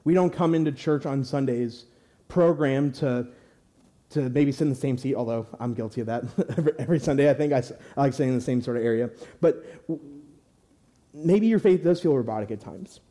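A man's voice: medium pitch, fairly quick, warm tone. A young man preaching a sermon in church, talking conversationally with restarts and rhetorical questions.

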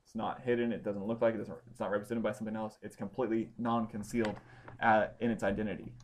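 A man teaching a Bible study class, explaining points step by step and pausing to check that his students follow. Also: lowish voice, little pitch movement. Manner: explanatory, checks understanding with questions.

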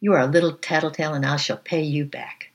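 A husky-voiced man reading aloud and voicing a spiteful, jealous schoolboy bully who talks in a sneering, bossy way. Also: fairly high pitch, steady tone, fast.

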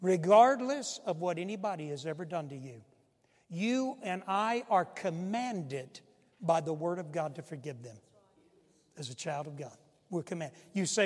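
A male pastor preaching with a high, ringing voice that rises to loud pleas and drops to hushed emphasis. His sermon carries a long reverb from a large sanctuary. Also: animated, normal speed.

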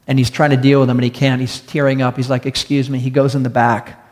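A pastor's medium, darkish voice moves at a quick pace with flat delivery. He preaches earnestly to a congregation in a church hall with an audience, weaving stories and repeating key phrases for emphasis, all captured with long hall reverb.

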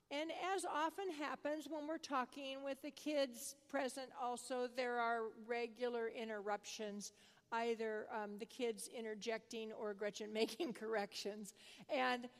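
An older woman preaching a sermon, telling a family story in a conversational, animated way. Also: a little high. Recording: long reverb of a large hall.

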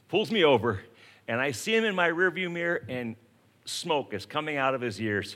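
A man preaching a sermon, telling everyday stories and acting out scenes to make his point. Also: medium pitch. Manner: storytelling, animated, acts out scenes. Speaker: pastor.

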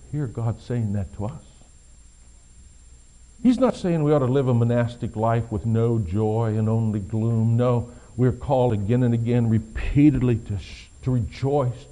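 Preaching as pastor, a middle-aged man alternates between hushed, low stretches and loud, forceful moments in his sermon.

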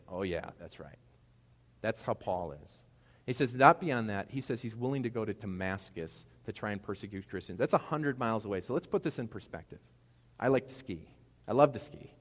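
A man preaching a sermon in a conversational, animated way, with casual asides to the congregation. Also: on the low side. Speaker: pastor. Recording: long hall reverb.

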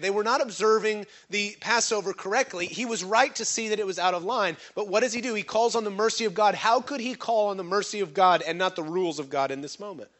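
A man with a high voice preaches a lively sermon. He keeps throwing questions to the congregation and waits for them to answer. Now and then he acts out other people's voices with sudden leaps in pitch. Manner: animated preaching with call-and-response questions to the congregation. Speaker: pastor.

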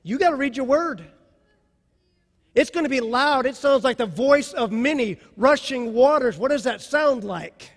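A male pastor preaching a sermon with passion, dropping soft and then rising to loud. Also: very high-pitched, expressive, unhurried, long reverb tail.

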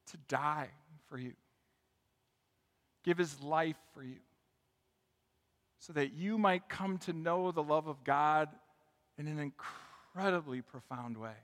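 A male pastor preaching a sermon, building to loud, emphatic calls and leading his congregation in call and response. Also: fairly high pitch, slow, pauses often, long reverb tail. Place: church sanctuary.

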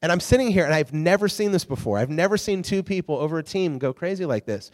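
A man casually teaching a Bible story as a preacher, animated and chatty, often restarting and checking in with his listeners. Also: a little high, fast. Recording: long reverb in a large hall.

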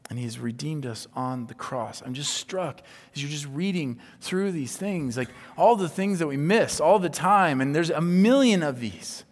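A man's voice: on the high side, moderate pace, hardly any pauses. Man preaching in a reverberant hall. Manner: swings from hushed whispers to loud emphatic preaching. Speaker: pastor. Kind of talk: sermon.

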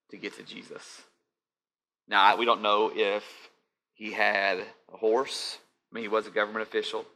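A man's voice: fairly low pitch, pushed and bright, slight background noise. A man preaching a conversational sermon, speaking animatedly and often checking in with his listeners.

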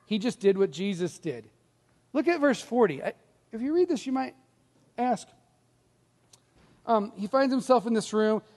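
High-voiced pastor preaching in a reverberant hall. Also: male voice. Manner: animated storytelling, acts out quoted voices. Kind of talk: sermon.

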